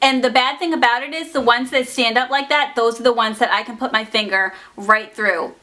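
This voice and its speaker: A young woman talks straight to her camera in a storytime vlog, exasperated and animated, breaking into laughs of disbelief. Her voice sits a little high and sounds bright and forward. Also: a little fast. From United States. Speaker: vlogger.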